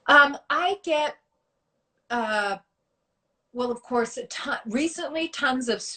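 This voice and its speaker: A middle-aged woman hosts a relaxed chat and keeps it light with easy laughter. She talks in a chatty, upbeat way over a video call from home. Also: high voice, takes it slowly. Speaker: host. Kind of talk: casual reminiscing chat.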